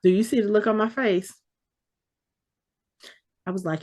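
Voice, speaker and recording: A woman's voice: medium pitch, steady tone, a little slow, long pauses, darkish tone. A woman co-hosting a podcast, animatedly recapping an episode in casual chat and acting out the characters' lines as she goes. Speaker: podcast co-host.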